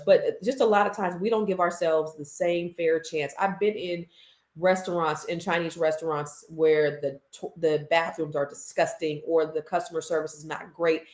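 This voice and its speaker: A middle-aged woman in a casual vlog rant, heated and emphatic, swearing freely. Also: deep voice. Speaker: social media commentator. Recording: roomy echo.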